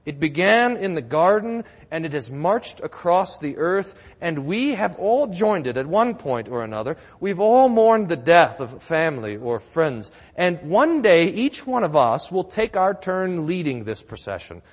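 A man's voice: fairly high pitch, big pitch swings, a little slow, hardly any pauses, big-room sound. A man preaching a sermon in a church, telling the story with drama and building to emphatic declarations. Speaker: pastor.

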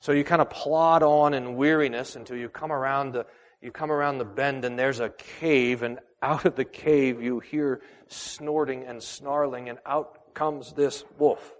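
A pastor preaching a sermon, telling a story with big swings from loud to hushed. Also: male voice, medium pitch, steady tone, measured pace, big-room sound.

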